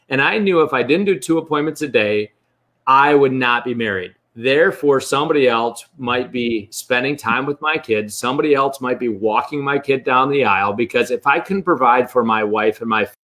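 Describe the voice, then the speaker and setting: A man's voice: medium pitch, a bit bright. A man talking as a real estate coach in a candid interview, blunt and profane. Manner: blunt and profane, speaks freely.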